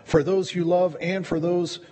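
Man, pastor, sermon, conversational, repeats words, slightly husky, long church reverb. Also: high voice, flat delivery, unhurried, mellow. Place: church sanctuary.

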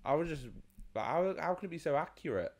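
A British man co-hosting a podcast in casual chat, blunt, swearing, with quick asides. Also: on the high side, expressive. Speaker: podcast co-host.

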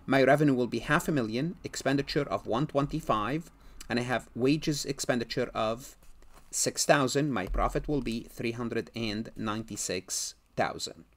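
A male lecturer working through an accounting example at a medium pitch. He poses questions and answers them himself, and repeats key terms to drive them home. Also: moderate pace, fairly bright tone. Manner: asks and answers his own questions, repeats key words. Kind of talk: recorded lecture.

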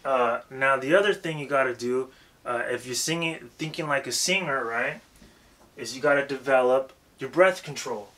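Bright-voiced man coaching rappers. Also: medium pitch, moderate pace. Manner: profane, emphatic, repeats himself. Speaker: rap coach. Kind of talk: casual spoken lesson.

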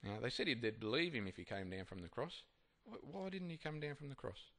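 A man's voice: mid-range voice, sing-song, brisk, fairly bright tone. A man giving a sermon, reading Bible passages and then reflecting on them in a conversational, hesitant way with many fillers and restarts. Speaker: preacher.

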